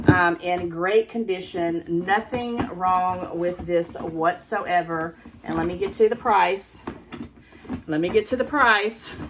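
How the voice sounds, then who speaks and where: An older woman chats on camera at home about her bargain finds, laughing often and pausing to wrestle with the items. Her voice sits on the low side for a woman. A faint hiss runs underneath the recording. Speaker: thrift haul vlogger. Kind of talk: casual haul video chat.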